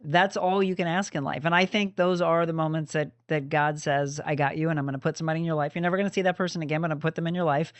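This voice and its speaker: Woman talk show host, quick and upbeat, dry close recording. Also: low-pitched, steady tone, no echo.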